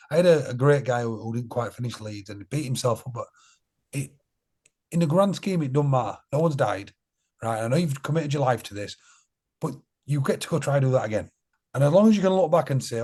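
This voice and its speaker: A podcast guest who co-founded a charity talks in a mid-range, darkish voice. His casual conversation is blunt and earnest, with phrases frequently repeated for emphasis.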